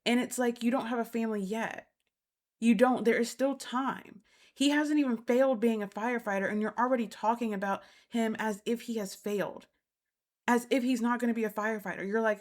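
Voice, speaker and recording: Blunt, emphatic woman with a higher voice. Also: normal speed. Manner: emphatic, repeats points for stress; blunt and exasperated. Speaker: reality TV recap host. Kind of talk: casual opinionated commentary.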